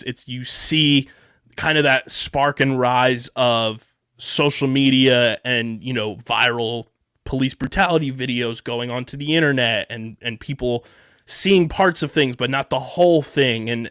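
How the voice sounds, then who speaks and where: Man, Philadelphia-area accent, podcast co-host, rambling and enthusiastic, average pitch, dry close sound. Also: a bit bright, smooth, no echo. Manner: rambling, enthusiastic, many fillers and restarts. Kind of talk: casual show review chat.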